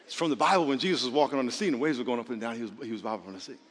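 A man's voice: medium pitch, rapid-fire, in a large hall. A man preaching a sermon as pastor, joking and calling out questions to the congregation. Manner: lively, joking, calls on the congregation.

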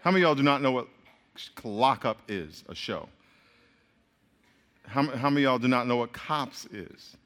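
A man preaching a sermon to a crowd in a lively, joking way, speaking straight to them. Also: mid-range voice, normal speed, pauses often. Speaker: pastor. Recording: long hall reverb.

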